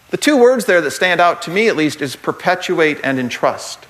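A man giving a humorous Catholic talk to a group, an animated storyteller who uses jokey asides and builds to earnest points. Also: a little high, normal speed, few pauses.

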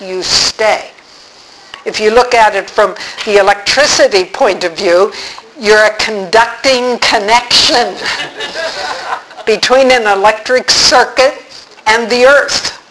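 A woman giving a faith talk, telling a personal story in a slow, reflective way. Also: mid-range voice, a bit bright, a little hiss or hum, poor audio.

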